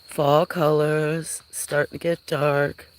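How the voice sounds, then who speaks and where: A woman's voice: low-pitched, little pitch movement, slow, slight background noise. A woman with a Southern US accent streaming live from a farm, chatting casually and cooing in baby talk to her cats while greeting viewers. She is outdoors at dusk, talking into a handheld phone. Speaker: farm livestreamer. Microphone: handheld phone while walking.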